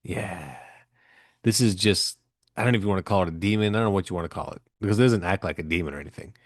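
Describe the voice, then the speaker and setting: A man's voice: deep voice, fast talker, no echo, studio quality. A man co-hosting a podcast, telling a movie story in a loose, profane, rambling way with plenty of fillers. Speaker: podcast co-host. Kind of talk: casual chat.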